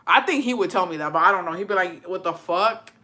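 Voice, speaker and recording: A woman livestreaming casual chat, animated and profane, switching freely between English and Spanish. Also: fairly low pitch, racing. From Texas. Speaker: livestream host. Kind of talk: casual chat reacting to viewer stories.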